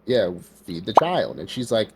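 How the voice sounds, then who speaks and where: Creaky and husky, his fairly low voice swoops wildly in pitch while he keeps a moderate pace. The man co-hosts a podcast, walking through an anime plot in a relaxed way, voicing the characters' lines and saying "like" constantly.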